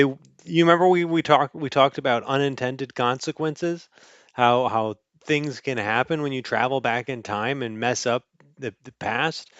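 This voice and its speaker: A man reads a picture book aloud in a playful, animated way, tossing in sound effects as he goes. His voice sits at an ordinary middle pitch and sounds close and dry, a little dull and muffled. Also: dry recording. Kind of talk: casual storybook read-aloud.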